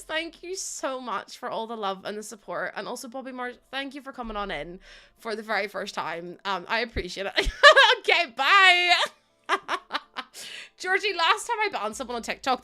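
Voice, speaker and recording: Her voice is a little high, bright and forceful as she streams a game from home and chats casually with her viewers. This young woman laughs a lot and thanks each viewer individually, with faint music behind her.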